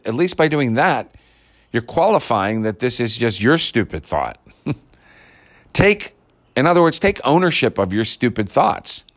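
A man delivering a blunt, sarcastic, profane ranting monologue as a commentator. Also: mid-range voice.

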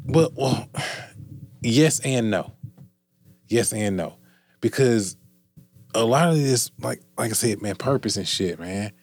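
A man in casual podcast chat, animated and profane, repeating himself. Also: medium pitch, takes it slowly, long pauses, no room sound.

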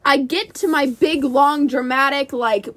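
A young woman co-hosting a casual podcast, giggly and animated, recorded on a phone voice memo. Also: high-pitched, unhurried. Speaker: podcast co-host. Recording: phone voice memo with background noise.

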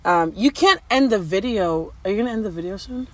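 A woman's voice: mid-range voice, lively intonation, brisk, dry recording. A woman co-hosting a casual couple's podcast, talking in a loose, rambling way full of "like." She teases her partner playfully and keeps drifting back to her point. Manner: chatty, teasing, rambling with many likes. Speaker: podcast co-host.

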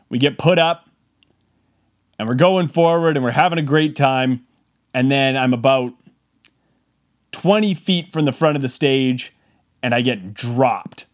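A man hosting a podcast, telling a comic story in a casual, animated way and acting out the quotes. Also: fairly high pitch. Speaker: podcast host.

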